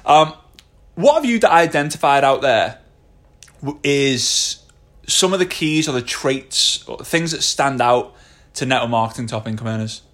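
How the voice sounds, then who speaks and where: A man's voice: mid-range voice, expressive, unhurried, a bit bright. A man co-hosting a casual podcast, chatty and laughing, with many fillers and restarts, speaking close to a phone mic. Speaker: podcast co-host. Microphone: phone held close.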